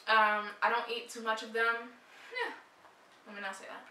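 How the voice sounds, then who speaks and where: A woman's voice: a little high, steady tone, moderate pace, sharp tone, echoey room, recorded from a distance, a little hiss or hum, poor audio. A young woman vlogger chatting casually to camera, short of breath, with a lot of "like" and "um". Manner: chatty, frequent "like" and "um" fillers.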